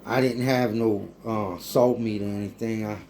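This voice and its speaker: A man, talking casually and warmly to viewers in a rambling cooking vlog from his home kitchen. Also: on the low side, fairly even intonation, moderate pace. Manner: heartfelt, rambling, addresses viewers as folks. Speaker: cooking vlogger.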